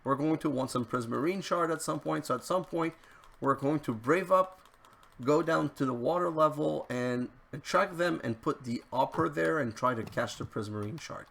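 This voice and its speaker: Gravelly man narrating his gameplay. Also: fairly high pitch, normal speed, fairly bright tone. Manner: chatty, easily frustrated, talks to the game. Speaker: let's play host. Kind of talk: gameplay commentary.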